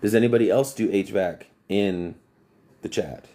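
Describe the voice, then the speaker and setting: A man's voice: lowish voice, moderate pace, dark tone. A man who works as an HVAC technician, telling long rambling stories on a casual livestream and breaking off to greet viewers.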